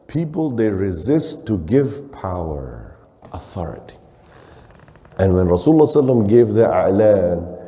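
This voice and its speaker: Male imam, dark mellow voice, sermon in a hall with long reverb, rhetorical questions. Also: low voice, big pitch swings, moderate pace. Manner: preaching with Arabic phrases mixed in, rhetorical questions, acting out quotes. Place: mosque hall.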